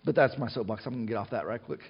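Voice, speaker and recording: A man's voice: mid-range voice, very fast, vocal fry, husky, lo-fi sound. A middle-aged man preaching a sermon to his church, in a conversational style with frequent restarts and asides. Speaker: pastor.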